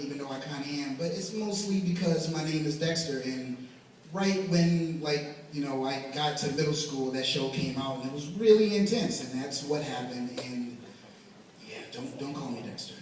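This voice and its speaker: Young man doing stand-up, echoey hall. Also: a little high. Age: young adult. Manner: rambling, self-deprecating, laughs at own jokes. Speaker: stand-up comedian. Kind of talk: stand-up comedy set. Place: large hall at a talent show. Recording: echoey hall recorded from far off, with crowd noise. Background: audience laughing and cheering.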